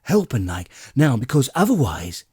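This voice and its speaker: A man's voice: mid-range voice, huge pitch swings, a little mellow, husky, dry recording, clean studio sound, voice pushed up, exaggerated voice. A man voicing a flustered, evasive male alien adventurer who stammers and pleads in a hurry, as a character voice in an audiobook reading. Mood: nervous, pleading. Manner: stammering with many "uh"s and hurried pleading.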